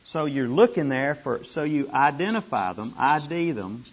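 A man teaching a group how to study scripture, animated and repeating words for emphasis. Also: a little high, moderate pace, breathy edge. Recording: dull lo-fi room recording.

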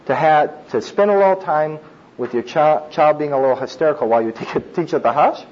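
A middle-aged man preaches in a loose, talkative way, tossing in asides and short laughs. His voice sits a little high for a man and sounds husky, and the recording is dull and muffled. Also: a little fast. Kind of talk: sermon on child discipline.

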